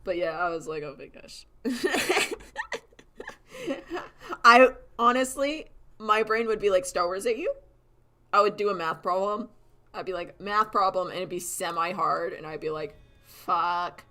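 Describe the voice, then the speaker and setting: A woman's voice: mid-range voice, unhurried, pauses often, sharp tone. Giggly, sarcastic young woman streamer. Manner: giggly, sarcastic, laughs often; acts out quoted voices. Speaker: streamer chatting while drawing. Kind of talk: casual livestream chat.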